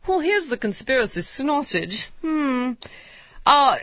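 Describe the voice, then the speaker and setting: A woman's voice: high-pitched, very animated, takes it slowly, no room sound, dull audio. A woman co-hosting a morning radio show, reading gossip news with wry asides. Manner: gossipy, reads stories with quips and laughs. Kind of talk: casual morning radio banter.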